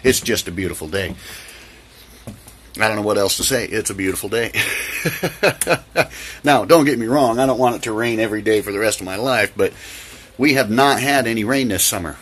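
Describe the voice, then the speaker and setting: A man's voice: on the low side, brisk, fairly bright tone, husky. A man vlogging casually by an open door while it rains, chatty and repetitive with many ums. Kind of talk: casual talk to camera. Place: indoors by an open door, rain outside. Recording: light rain noise behind. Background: rain.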